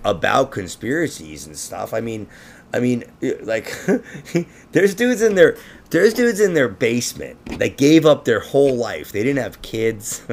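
A man's voice: mid-range voice, gravelly, slight background noise. A man hosting a casual conspiracy podcast, rambling and laughing, with frequent swearing. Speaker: podcast host.

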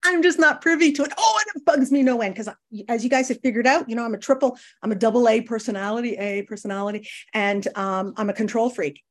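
A woman's voice: on the high side, fast. Woman sharing her recovery story. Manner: conversational, addresses listeners as guys, frequent tag questions; acts out quoted people with lively voices. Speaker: speaker sharing at a recovery meeting. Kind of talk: personal recovery share.

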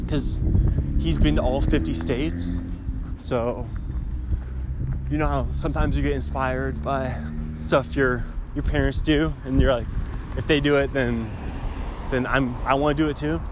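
A young man chatting casually in a rambling, self-amused way while sitting in his car at an intersection. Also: mid-range voice. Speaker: vlogger. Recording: street traffic noise behind.

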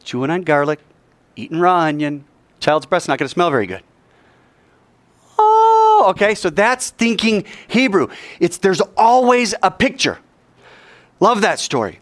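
Animated man preaching a sermon. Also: high voice, moderate pace, no room sound. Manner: animated, acts out characters in his story. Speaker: pastor. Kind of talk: sermon storytelling.

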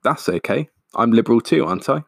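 A man's voice: mid-range voice, expressive, fast, vocal fry, dry recording, studio quality, pitched above the performer's own voice. A man voicing a nervous young man who talks in a casual, jokey way.

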